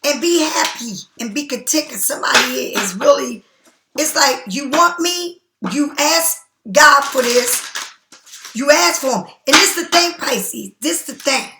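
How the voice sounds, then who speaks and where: A woman's voice: high voice, animated, a little slow, reverberant, background noise. A woman giving a casual tarot reading straight to the viewer, repeating herself for emphasis as she offers spiritual encouragement. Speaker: tarot card reader.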